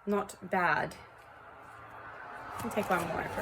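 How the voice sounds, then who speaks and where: Chatty lower-voiced woman tarot reader. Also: slow, long pauses, noisy background. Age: 30s. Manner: chatty, rambling, laughs often, talks to viewers as friends. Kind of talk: casual tarot reading to camera. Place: home.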